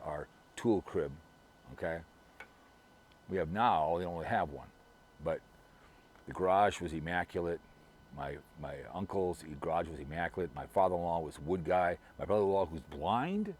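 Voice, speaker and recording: Here the same kind of speaker, a middle-aged man from Minnesota, delivers a casual, gossipy monologue to his audience, restarting and repeating himself often. Low and darkish, his voice comes with a little hiss or hum.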